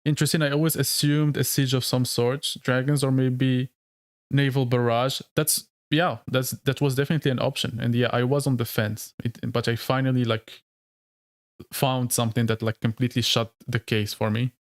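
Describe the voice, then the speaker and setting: A man's voice: medium pitch, flat delivery, moderate pace, no echo, studio quality. Casual rambling male streamer. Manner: rambling, heavy use of "like", frequent laughs. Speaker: streamer and lore video creator. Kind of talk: casual live-stream chat.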